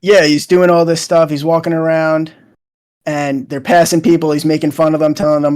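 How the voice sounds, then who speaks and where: A man's voice: on the high side, little pitch movement, moderate pace, a little mellow, clear, resonant tone. A young man chatting casually as a co-host, retelling scenes in a loose, rambling way with lots of fillers. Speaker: show co-host.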